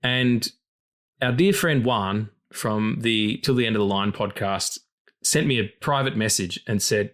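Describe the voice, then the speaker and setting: A man's voice: fairly low pitch, measured pace, fairly bright tone. Rambling, swearing male podcast host. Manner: rambling, swears freely, philosophizing. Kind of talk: casual film podcast chat.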